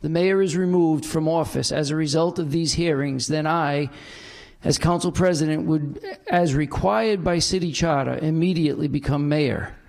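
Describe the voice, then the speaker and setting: A man serving as council president, chairing a formal public meeting and reading a prepared statement with slow, deliberate emphasis. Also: on the high side, gravelly, darkish tone. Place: council chamber.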